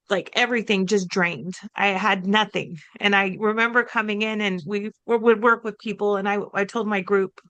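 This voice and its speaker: A woman chats on a podcast, spinning a personal story with lively, animated delivery and acting out what people said. Her voice sits at an ordinary middle pitch, and the sound is close and dry with no room echo. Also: smooth. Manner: chatty and animated, quotes herself and others in lively voices. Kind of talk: casual conversational storytelling.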